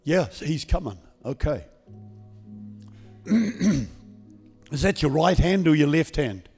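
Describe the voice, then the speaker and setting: A man preaching as a guest pastor, speaking calmly and conversationally instead of shouting, leading a healing prayer in a church service. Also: fairly high pitch, slow pace, breathy edge, faint music behind. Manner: calm, conversational, not yelling. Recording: long church reverb.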